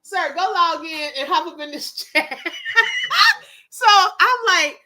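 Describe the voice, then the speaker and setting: Speaking slowly in an extremely high voice, this female livestream host chats casually with viewers, laughing a lot as she animatedly tells a story and addresses her chat.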